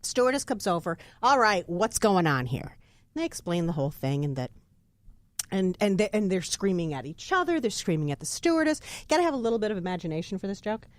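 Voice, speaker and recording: An animated middle-aged woman co-hosting a casual podcast and spinning a long joke. Her pitch moves expressively through the story. The recording is dry and close. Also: fast talker, no room sound. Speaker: podcast co-host. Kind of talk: casual chat, telling a joke.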